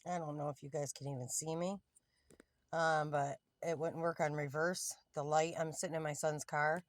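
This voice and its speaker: A woman in her fifties records a casual selfie vlog on her phone camera from a parked car, talking candidly, rambling, and sometimes getting heated. Her voice sits low with little pitch movement, her pace is moderate, and there's no echo.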